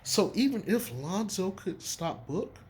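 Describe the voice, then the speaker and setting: A man with a fairly high voice gives his basketball takes in a casual, profane way. His pitch swings widely as he hammers his points home, over a faint hiss. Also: measured pace. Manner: emphatic, profane, animated. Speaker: sports commentator. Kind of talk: casual sports opinion talk.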